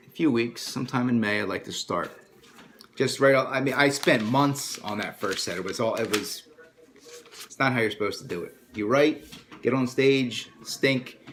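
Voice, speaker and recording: A man's voice: mid-range voice, a bit bright. Rambling, self-deprecating man vlogging. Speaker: vlogger and stand-up comic. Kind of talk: casual vlog talk. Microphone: phone.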